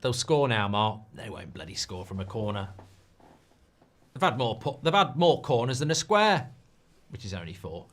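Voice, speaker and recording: A man hosting a live football watchalong, chatty and excitable, swearing often. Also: medium pitch, moderate pace. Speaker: host.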